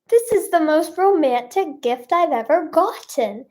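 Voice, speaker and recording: A woman with a high, bright-sounding voice hosts a playful live stream. She talks at an easy, unhurried pace and reads out her viewers' guesses with bubbly cheer. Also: animated. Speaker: livestream host.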